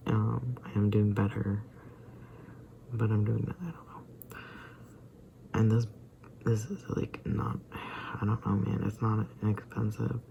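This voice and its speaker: Young vlogger feeling sick, gravelly low mumble, rambles and trails off, kinda dark tone. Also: level tone, unhurried, a little hiss or hum, low-quality recording. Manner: hesitant, trailing off, often dropping to a whisper. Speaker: daily vlogger. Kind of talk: rambling personal vlog.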